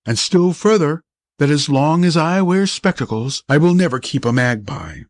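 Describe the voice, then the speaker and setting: A man voicing a good-natured older male doctor, quick to jump to conclusions, speaking in formal, old-fashioned phrases in a storybook reading. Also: on the high side, expressive, dry recording, natural voice. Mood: earnest.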